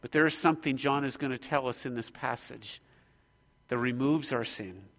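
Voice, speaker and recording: A man's voice: mid-range voice, normal speed, a bit bright, in a large hall. A man preaching an expository sermon, earnest and emphatic, pressing his points with growing intensity.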